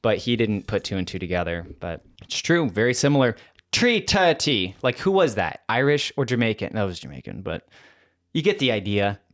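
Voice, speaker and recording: A man's voice: on the low side, sing-song, fairly quick, no echo, studio quality. A man co-hosting a podcast, chatting casually in a rambling, self-correcting, jokey way. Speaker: podcast co-host. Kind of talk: casual chat.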